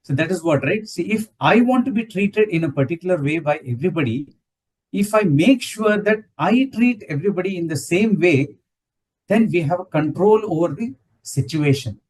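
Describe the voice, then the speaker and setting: A man's voice: sits high, animated, normal speed, darkish tone, breathy edge, far from the mic, rough recording. A man explaining ideas in a spiritual talk, often checking in with "right?". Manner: explanatory, ends points with "right?". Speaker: satsang speaker.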